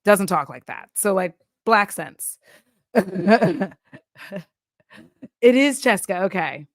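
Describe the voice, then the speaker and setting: A woman's voice: medium pitch, animated, takes it slowly, no room sound, clean studio sound. A woman from Texas, giving casual, rambling commentary full of laughs and side notes. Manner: chatty, laughs often, tangents and asides. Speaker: commentary YouTuber.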